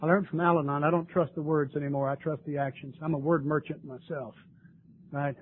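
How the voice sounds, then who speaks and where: An older man shares his recovery story at a meeting, speaking briskly in a slightly high voice with little pitch movement. He's earnest and emotional, tearful at times, on a tinny lo-fi recording with faint noise.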